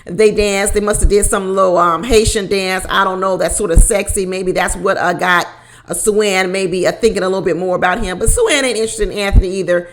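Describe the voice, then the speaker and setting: A woman hosting a casual reality show recap, animated and laughing often as she repeats her points. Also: medium pitch, brisk, soft background music. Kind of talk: casual commentary.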